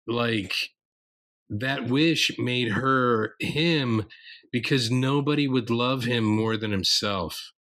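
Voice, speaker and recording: A man's voice: mid-range voice, slow, fairly bright tone. A man co-hosting a podcast, casually chatting about a movie and eagerly laying out his own theories. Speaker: podcast co-host. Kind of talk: casual film breakdown chat.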